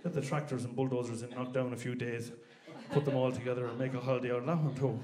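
A man with an Irish accent performing a stand-up comedy set in a club, animated and sweary, acting out characters. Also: medium pitch, fast. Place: comedy club with a live audience. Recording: live club with crowd laughter.

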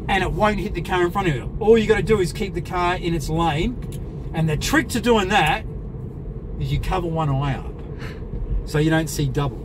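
A middle-aged man talks in a fairly high voice from the driver's seat of a moving car. His asides are casual, wry and a bit crude. Road noise hums clearly beneath him. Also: moderate pace. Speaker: car reviewer driving. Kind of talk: casual talk while driving.

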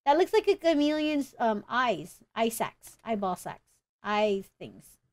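High, lively young woman gamer. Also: a little slow. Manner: excitable, shrieks and groans at failures. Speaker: gaming YouTuber. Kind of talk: let's play commentary.

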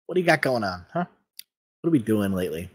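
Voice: medium pitch, sing-song, fast talker, slightly rough, no echo, clean studio sound. A streamer playing a game and talking to chat in a casual, chatty, swearing manner, with faint game music behind.

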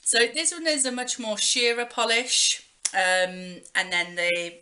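A woman's voice: mid-range voice, steady tone, measured pace, sharp tone, slight background noise. A young woman chatting casually as she shows off gifts she got in the mail, rambling with lots of fillers. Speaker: beauty vlogger. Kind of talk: casual show-and-tell chat.

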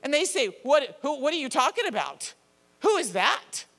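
Woman pastor, animated self-deprecating sermon, high voice, long church reverb. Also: moderate pace. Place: church sanctuary with a congregation.

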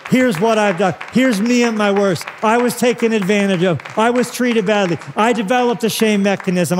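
A male pastor preaching a sermon, swinging between loud urging and hushed, tender passages. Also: high voice, in a large hall.

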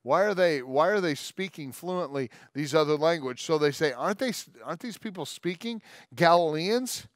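A man's voice: a little high, no room sound. Dry, conversational preaching man. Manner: conversational and joking, with quick asides; reads scripture aloud at length. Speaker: pastor. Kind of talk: sermon.

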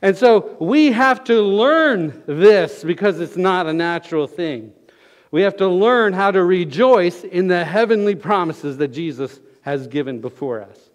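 High-voiced pastor in echoing church. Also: male voice, a little slow. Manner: folksy storytelling, gets loud and excited. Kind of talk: sermon. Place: church sanctuary. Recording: long church hall reverb.

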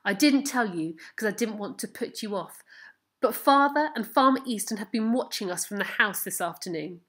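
A woman's voice: medium pitch, animated, normal speed, fairly bright tone, breathy edge. A woman reading aloud as a kind, eager fifteen-year-old farm boy who speaks tenderly to his horse. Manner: tender, coaxing, proud. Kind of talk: storybook reading.

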